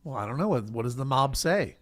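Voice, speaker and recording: A man co-hosting a comedy podcast, making wry, deadpan quips in casual banter. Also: mid-range voice, fast. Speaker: podcast co-host.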